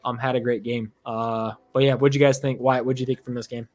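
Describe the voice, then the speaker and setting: A man's voice: mid-range voice, flat delivery, a little fast, darkish tone. A young man hosting a casual sports podcast chat, loose and laughing with lots of fillers. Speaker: podcast host.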